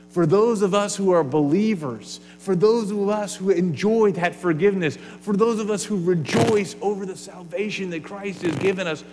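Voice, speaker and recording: In a high-pitched voice, a man delivers an earnest sermon to his congregation, the big room audible along with slight hiss or hum. He's a pastor whose volume shifts, at times sinking almost to a whisper.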